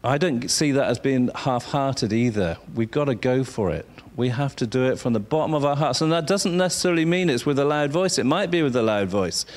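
A man preaching a sermon, drawing words out for emphasis and sometimes dropping to a soft whisper. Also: medium pitch, lively intonation. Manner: slow, drawn-out emphasis, dropping to a whisper at times.

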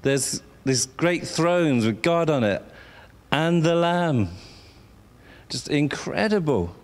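A man preaching a sermon, drawing words out for emphasis and sometimes dropping to a soft whisper. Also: fairly high pitch, animated. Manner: slow, drawn-out emphasis, dropping to a whisper at times.

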